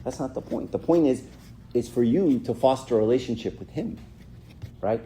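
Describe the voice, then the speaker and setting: A middle-aged man speaks at normal speed in a dark, medium-pitched voice, giving a casual church talk to young people with slight background noise. He converses with listeners, acts out brief quotes, and often asks "right?"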